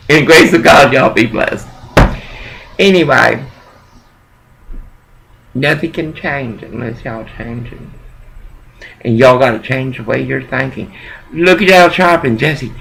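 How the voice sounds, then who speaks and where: Gravelly man ranting. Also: mid-range voice, lively intonation, unhurried, long pauses, fairly bright tone, rough recording. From Texas. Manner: profane, heated, rambling rant. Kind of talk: ranting monologue to camera.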